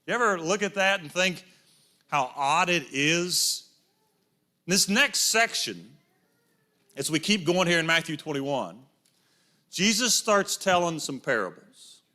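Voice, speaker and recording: Middle-aged guy preaching in church, high bright voice, tells stories and does little voices. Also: animated, slow pace, long pauses. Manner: storytelling, acts out voices in quotes. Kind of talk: sermon.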